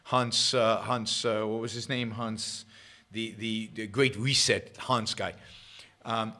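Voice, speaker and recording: A middle-aged man hosting a political talk livestream, sarcastic and rambling, jumping between loud emphasis and quiet muttered asides. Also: on the low side, level tone, takes it slowly. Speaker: host of a political talk show. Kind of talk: livestream commentary.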